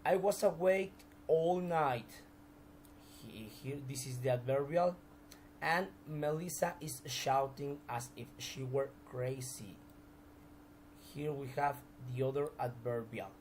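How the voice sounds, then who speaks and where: A man's voice: mid-range voice, unhurried, a little hiss or hum, low-quality recording. A man teaching a recorded grammar lesson, explaining examples step by step with frequent restarts.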